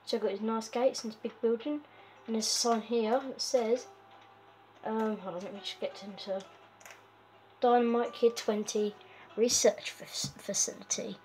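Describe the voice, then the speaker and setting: A woman's voice: fairly high pitch, steady tone, normal speed, dark tone, slight background noise. Giggly woman chatting through a game. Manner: chatty and giggly, many fillers, talks to her pet. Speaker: gaming video host. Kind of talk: casual game walkthrough commentary.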